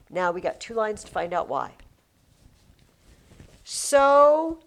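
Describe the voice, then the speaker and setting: A woman's voice: medium pitch, sing-song, slow, long pauses. A woman teacher leading a classroom poetry lesson, reading verse aloud and chanting the rhythm of the lines.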